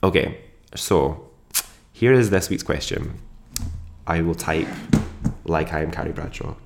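Man, low voice, gravelly, casual podcast chat, self-deprecating. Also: measured pace, noisy background. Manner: chatty, self-deprecating, laughs often. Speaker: podcast host.

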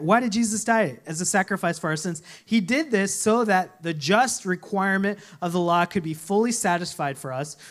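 A man preaching a sermon as a pastor, talking conversationally and telling stories with voiced quotes. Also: high voice.

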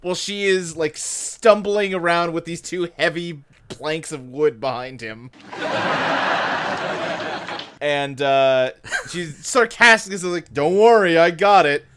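A man's voice: a little high, slow pace, long pauses, fairly bright tone, slight background noise. A man co-hosting a podcast, recapping a sitcom in casual chat, laughing often and acting out the characters' lines. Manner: chatty, laughs often, acts out quotes. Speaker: podcast co-host.

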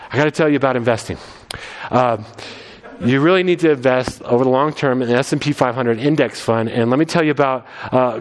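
A man's voice: sits high, big-room sound. A man preaching a sermon, emphatic and conversational, often repeating words as he restarts his sentences. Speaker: pastor.

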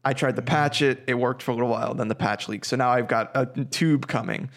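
A man's voice: medium pitch, steady tone, a little fast. Podcast guy rambling through a story, swearing a lot. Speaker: podcast co-host. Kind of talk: casual chat.

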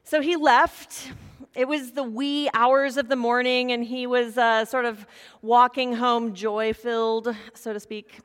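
Woman preacher, sermon, conversational storytelling, playful asides, somewhat high voice, long hall reverb. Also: flat delivery, unhurried, smooth.

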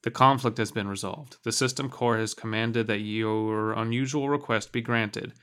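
An imposing artificial moderator, as a man reads him, speaking with low-toned, infinite calm. Each sentence comes measured and unhurried, like an official handing down a ruling in a storybook. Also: clean tone, natural voice.

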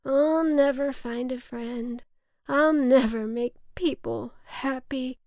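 A gloomy, lonely rain cloud from a children's storybook, voiced by a woman, dragging out every word as if it weighs a ton. The voice is hushed and breathy, a little higher than a plain speaking voice, and recorded close and dry with no room around it. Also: lively intonation, dry recording, heavily acted. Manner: slow, mournful, often breathy and hushed.

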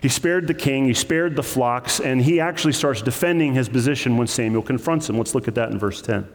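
A male pastor preaching a sermon, animated, acting out the quoted voices with sudden leaps in pitch. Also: fairly quick. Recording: long hall reverb.

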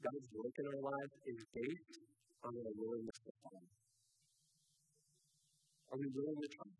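A man's voice: medium pitch, normal speed, warm tone, husky, dry recording, soft background music, rough recording. A man preaching a sermon, acting out scripture quotes with rising intensity. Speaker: pastor.

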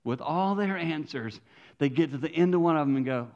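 Animated male preacher, lo-fi recording. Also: a little high, fairly quick. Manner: animated, acts out voices. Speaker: pastor. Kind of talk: sermon.

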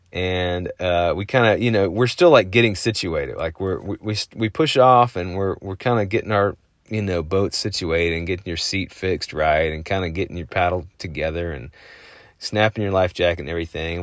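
A man's voice: deep voice, moderate pace, no room sound, studio quality. A man hosting a podcast, telling a casual story in a rambling way with lots of fillers. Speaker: podcast host.

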